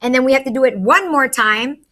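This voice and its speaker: A woman's voice: high-pitched, fairly quick, sharp tone. A woman teacher in a recorded math lesson, chatty and talking through each step aloud to her students.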